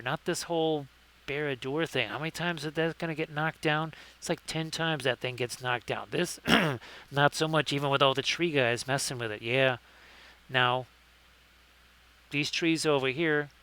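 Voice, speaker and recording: Male stream host, chatty and jokey, bright and clear-toned. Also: mid-range voice. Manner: chatty, jokey, many fillers, greets chat viewers. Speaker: live-stream host and miniature painter. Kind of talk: casual live-stream chat.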